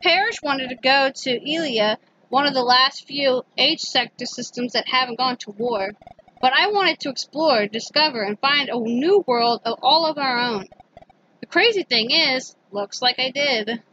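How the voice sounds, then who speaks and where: A woman's voice: high-pitched, a little slow, pushed and bright, a little hiss or hum. A woman reading as a weary runaway starship father. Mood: somber. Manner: reading game dialogue aloud in her own voice. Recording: dull lo-fi with game music.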